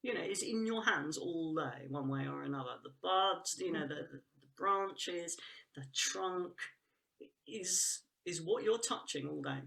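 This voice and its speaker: A woman's voice: lowish voice, lively intonation, measured pace, gravelly, a bit bright. A woman talking as a guest about trees and woodland work, enthusiastic and rambling, with frequent restarts and laughs. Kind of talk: casual conversational chat.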